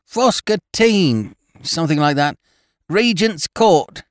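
Man doing a high, breathless housekeeper woman in a fluster for an audiobook, with lively swoops. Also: slow pace, no room sound, clean studio sound. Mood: alarmed. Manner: breathless, agitated, shrill. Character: flustered middle-aged female housekeeper.

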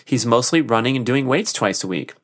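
A man's voice: medium pitch, expressive, fairly quick, creaky. A middle-aged man hosting a podcast alone, talking casually and enthusiastically with frequent fillers. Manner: enthusiastic, chatty, many fillers. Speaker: podcast host. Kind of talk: casual solo podcast monologue.

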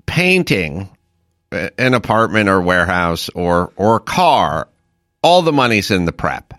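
Low-voiced man telling a rambling story. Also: very animated, a little slow, fairly bright tone, dry recording, clean studio sound. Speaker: podcast co-host. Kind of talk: casual chat.

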